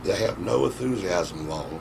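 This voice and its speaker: A middle-aged man, a wrestling veteran telling profane, animated stories in a casual interview. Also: sits low, moderate pace, vocal fry. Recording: noisy background.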